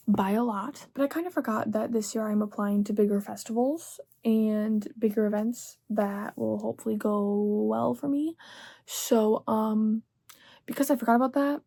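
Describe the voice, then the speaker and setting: A woman's voice: a little high, gravelly, darkish tone, breathy edge. Chatty young woman vlogging. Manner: chatty and rambling, often whispering late at night. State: sleepy at two in the morning. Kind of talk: casual chat to camera.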